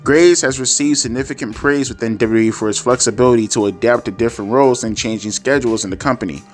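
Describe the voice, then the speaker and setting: Male vlogger, mid-pitched, rambling and self-correcting, casual swearing; quiet music bed. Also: fast talker. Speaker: wrestling commentary YouTuber. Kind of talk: casual opinion rant. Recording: faint instrumental music underneath.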